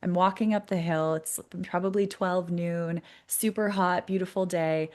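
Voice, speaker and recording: A woman guest on a podcast, telling a personal story in a lively, chatty way and laughing often. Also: lowish voice, moderate pace. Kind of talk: casual interview storytelling.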